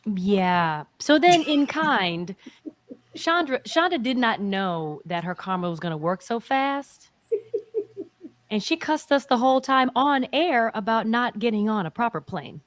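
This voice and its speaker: A woman's voice: a little high, animated, unhurried, no room sound. Teasing woman hosting a talk show. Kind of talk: casual talk show banter.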